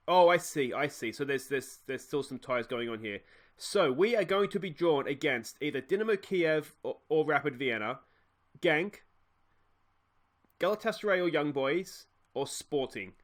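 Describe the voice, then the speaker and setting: An Australian man giving casual let's play commentary, chatty and thinking aloud with frequent fillers and self-corrections. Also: on the high side. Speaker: gaming YouTuber.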